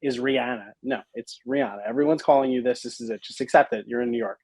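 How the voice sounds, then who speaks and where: A man's voice: mid-range voice, steady tone, quick pace, a little mellow, slightly rough, dry recording, poor audio. A man co-hosting a sports podcast in casual chat, blunt and opinionated with a loose way of talking. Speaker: podcast co-host.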